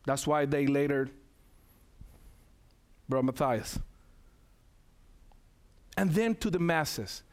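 A man's voice: a little high, takes it slowly, long pauses. A man preaching an emphatic sermon, calling out to the congregation and repeating key phrases for weight.

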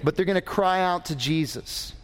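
A man's voice: sits high, moderate pace. A man preaching a sermon in a conversational way, adding joking asides to his congregation. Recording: long hall reverb.

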